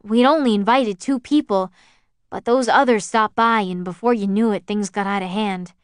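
A woman doing a nervous teenage boy, pitched a little higher and louder as he pleads and coaxes. The voice is smooth and dry. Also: normal speed, no echo, lightly acted. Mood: pleading. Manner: earnest, pleading, slightly raised voice.

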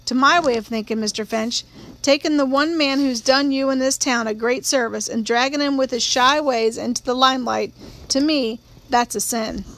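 A woman's voice: sits high, normal speed, a bit bright. A woman voicing a blunt, stubborn male small-town sheriff in his forties who talks in a plain-spoken drawl. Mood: earnest.

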